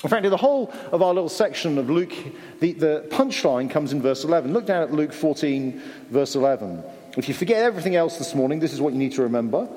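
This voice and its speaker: A man's voice: fairly high pitch, expressive, quick pace, a little mellow, long reverb tail. An English man preaching a sermon, telling stories animatedly and acting out the voices he quotes. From England.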